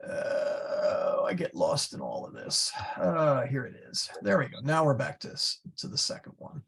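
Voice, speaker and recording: Gravelly-voiced man teaching a latin class. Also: mid-range voice, wildly swooping pitch, measured pace. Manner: thinking aloud while clicking through slides. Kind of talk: informal class discussion.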